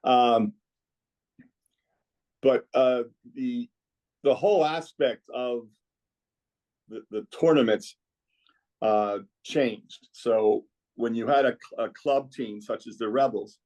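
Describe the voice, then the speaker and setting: A man reminisces about his years coaching a girls' club team, wandering from one memory to the next. His voice sits at an ordinary middle pitch. He talks like a guest in a relaxed podcast chat. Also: slow pace, long pauses, muffled recording. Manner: rambling, reminiscing storyteller. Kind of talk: casual podcast conversation.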